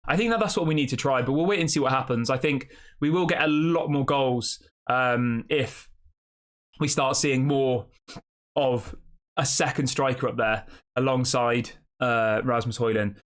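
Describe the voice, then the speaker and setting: A man's voice: medium pitch, measured pace. A man hosting a fan channel, giving casual opinion commentary, thinking aloud, often correcting himself and asking rhetorical questions.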